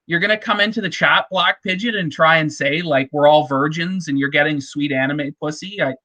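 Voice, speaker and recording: A man's voice: a little high, fairly quick, pushed and bright. A man ranting crudely and indignantly in casual chat, full of profanity. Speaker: stream panelist.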